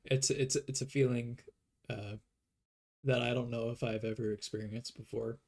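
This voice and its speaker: A man of middle pitch chats to his viewers in a casual vlog. He rambles, restarts his sentences and fills gaps with "like" and "um". His tone stays earnest and upbeat. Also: steady tone, normal speed, a little mellow. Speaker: channel host.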